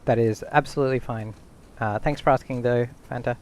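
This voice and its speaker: A man's voice: medium pitch, fairly even intonation, fairly quick, a little mellow, a little hiss or hum. A man streaming a video game, rambling through casual commentary and thinking aloud to his chat.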